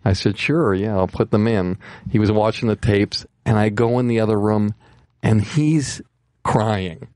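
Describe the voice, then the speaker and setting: A man's voice: on the low side, a little slow, darkish tone, dry recording. A man telling earnest, heartfelt stories in a casual studio chat.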